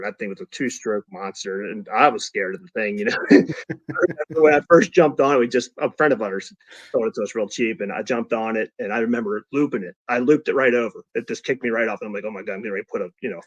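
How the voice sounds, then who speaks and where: A man's voice: on the low side, dry recording, dull audio. A middle-aged man telling casual stories as a podcast guest, acting out quotes with lots of restarts. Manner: animated storyteller who acts out quotes, many restarts. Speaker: podcast guest, father of a young racer. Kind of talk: casual storytelling chat.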